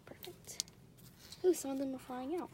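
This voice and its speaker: Chatty high-voiced young woman. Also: animated, moderate pace. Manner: chatty, reacts with sudden squeals and soft near-whispers. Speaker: slime reviewer. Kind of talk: casual unboxing chat. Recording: loud background noise.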